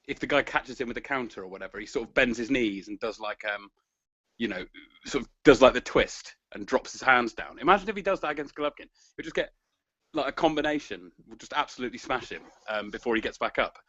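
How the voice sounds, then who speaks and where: A man's voice: mid-range voice, lively intonation, fast talker, fairly bright tone, no echo. A man co-hosting a boxing podcast, chatting in a rambling, casual way. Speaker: podcast co-host. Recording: dry lo-fi podcast audio.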